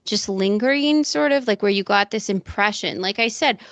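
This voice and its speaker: A woman's voice: mid-range voice, moderate pace, fairly bright tone, no room sound. A woman co-hosting a casual podcast, talking in an emphatic, exasperated way. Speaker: podcast co-host.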